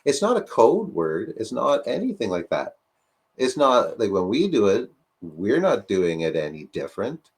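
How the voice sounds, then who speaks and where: A man with a fairly low voice talks through a casual discussion. He pushes his points with rhetorical questions and leans on fillers. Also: wildly swooping pitch, moderate pace.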